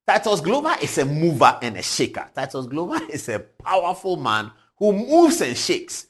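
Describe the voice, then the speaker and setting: A man in his forties with a Ghanaian English accent, hosting a TV show, telling stories with animated energy and frequent chuckles. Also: fairly high pitch, normal speed, husky. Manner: animated, chuckling, swings from loud to hushed. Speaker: TV show host. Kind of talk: lively commentary and storytelling. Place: TV studio.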